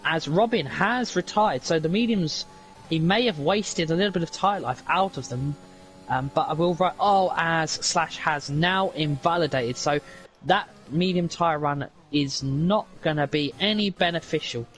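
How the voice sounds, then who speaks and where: A man's voice: a little high, measured pace, a bit bright, faint music behind, poor audio. A man co-commentating on an esports race, rambling through his analysis with many fillers; his stream audio sounds robotic.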